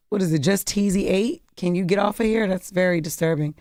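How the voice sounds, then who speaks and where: A woman from Maryland with a deep, raspy voice, co-hosting casual morning radio banter in a studio, animated and quick to laugh. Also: no room sound. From Maryland, USA. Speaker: radio co-host. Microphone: studio microphone.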